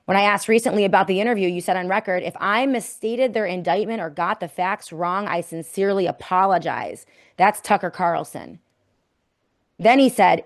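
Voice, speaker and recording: Indignant woman hosting a political podcast. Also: medium pitch. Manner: emphatic, indignant, reads quotes aloud. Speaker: podcast host. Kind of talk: political commentary.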